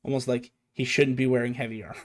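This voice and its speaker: A man's voice: mid-range voice, little pitch movement, quick pace. A man running a tabletop game as game master, describing the scene while thinking aloud, with frequent fillers and restarts.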